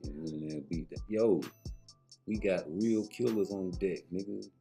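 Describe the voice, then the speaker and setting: A man's voice: sits low, moderate pace, vocal fry, warm tone, soft background music. A man, ranting about boxing in a profane, heated, rambling way. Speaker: boxing commentary vlogger. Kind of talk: casual opinion rant.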